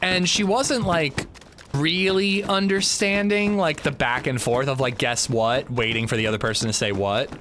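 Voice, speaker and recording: Speaking at normal speed in a fairly high voice, a man hosting a gaming livestream chats and jokes his way through animated stories as he plays. Slight background noise is audible.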